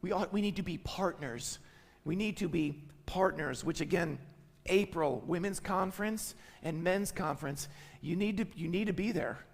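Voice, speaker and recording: Male pastor, sermon delivery, high and gravelly, emphatic repetition, reverberant church hall. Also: normal speed. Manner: emphatic, repeats key phrases, tags lines with "right?". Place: church sanctuary.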